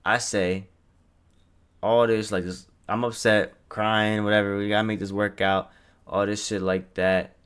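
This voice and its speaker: A young man casually retelling a personal story in a storytime vlog, animated and profane, full of slang and acted-out quotes. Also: on the low side, a little slow, clean tone.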